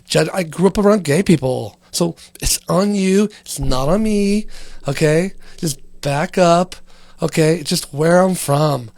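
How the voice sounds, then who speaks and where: A man's voice: a little high, unhurried, darkish tone, no room sound. A man putting on the voice of a defensive young man who scolds people for judging him. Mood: indignant. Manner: indignant, scolding. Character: defensive young man insisting he isn't gay.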